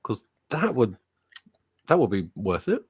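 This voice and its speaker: Man with a very animated voice. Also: medium pitch, measured pace, breathy edge, no echo, studio quality. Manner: crude, teasing one-liners. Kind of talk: casual chat.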